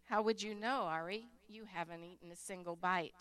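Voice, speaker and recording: A woman voicing a gentle, loving mother who speaks softly and tenderly, in a storybook reading. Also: lowish voice, moderate pace, no room sound, close to an everyday voice. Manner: soft, lilting, tender.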